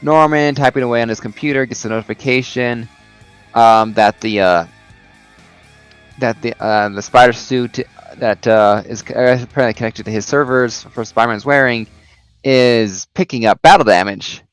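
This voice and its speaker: A man's voice: medium pitch, normal speed, clear, resonant tone, soft background music, rough recording. A man recapping a comic book in a casual video review, rambling with lots of "you know" and "uh".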